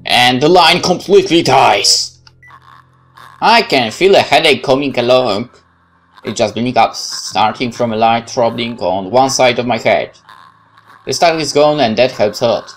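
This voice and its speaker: A man hosting a let's play, reading a horror game's narration aloud in an expressive way that rises on exclamations. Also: mid-range voice, moderate pace, slight background noise. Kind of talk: dramatic reading of game text.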